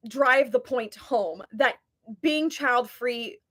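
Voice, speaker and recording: Twenties woman with a high, chatty voice; earnest live-chat host. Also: takes it slowly, fairly bright tone. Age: 20s. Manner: chatty, heavy use of "like", earnest and passionate.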